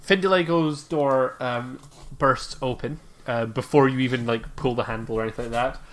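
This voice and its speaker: A game master narrating a tabletop game in a relaxed, rambling way, with many fillers while reading item lists. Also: mid-range voice, moderate pace.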